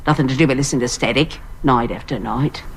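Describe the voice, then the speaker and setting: A woman's voice: a bass voice, a little fast, slight background noise. An actress playing an earnest woman telling a strange story in a put-on Australian accent. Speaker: actress in a TV drama clip. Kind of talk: TV drama acting.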